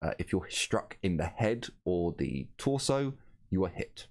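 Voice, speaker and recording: A man with a very low, deep voice runs a tabletop game over a voice call. He talks casually, stops and starts, and keeps correcting himself as he narrates. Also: big pitch swings, a little mellow. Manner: casual, halting, with frequent ums and self-corrections. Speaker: game master.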